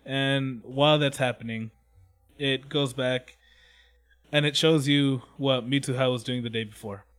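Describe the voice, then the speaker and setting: A man's voice: mid-range voice, steady tone, a little slow, a bit bright, clear, resonant tone, soft background music. Rambling, profane man recapping a story. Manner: profane, rambling, acts out scenes in quoted voices. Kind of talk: casual chat recapping an anime.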